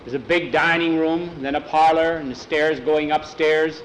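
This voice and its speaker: A man's voice: a little high, fairly even intonation, normal speed, slight background noise, rough recording. A man telling a western story aloud in a folksy way, repeating "he says" between quotes. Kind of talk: oral storytelling.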